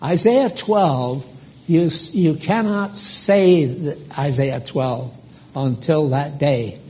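Older male preacher, high voice, unhurried, emphatic, rambling. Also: a little mellow. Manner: emphatic, rambling, quizzes the congregation. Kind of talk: live sermon.

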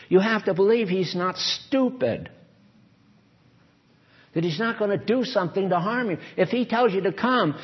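A man with a high voice preaches in a loose, folksy way. He drifts off on asides and turns questions to his listeners. The recording sounds dull and lo-fi. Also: husky. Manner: conversational, digressive, asks the listeners questions. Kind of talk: folksy sermon reading and explaining scripture.

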